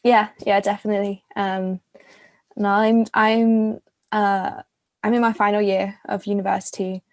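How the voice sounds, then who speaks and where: A woman's voice: mid-range voice, level tone, measured pace, no echo. A bubbly English woman in her twenties hosting a casual video chat, gushing and talkative. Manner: chatty, bubbly, gushing compliments. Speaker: host.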